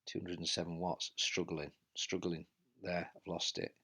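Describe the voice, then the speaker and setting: A man's voice: low voice, flat delivery, normal speed, pushed and bright. A man commentating on his own indoor bike race as he rides, out of breath and urging himself on. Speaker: cycling vlogger. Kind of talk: live race commentary while riding.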